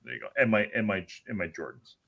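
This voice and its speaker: A man hosting a podcast, calling match highlights in an excitable, joking play-by-play with some swearing. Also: fast talker, slightly rough, highs cut off. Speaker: podcast host. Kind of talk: casual match commentary.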